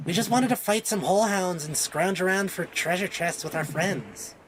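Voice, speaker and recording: A woman's voice: on the low side, normal speed, noisy background, close to an everyday voice. A woman voicing an insecure young woman healer who wants to be a paladin, speaking in an upset, defensive way.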